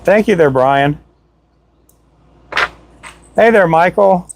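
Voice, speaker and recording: A talkative man hosts his own live stream on a desk microphone, with a voice pitched a touch high. He rambles cheerfully and calls himself a chatterbox. His voice sounds a little worn from talking for hours. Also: animated, slow pace, slight background noise. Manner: chatty, self-described chatterbox; cheerful shout-outs and jokes. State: tired voice from talking a lot. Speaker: livestream host. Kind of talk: casual live-stream chat. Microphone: Donner microphone.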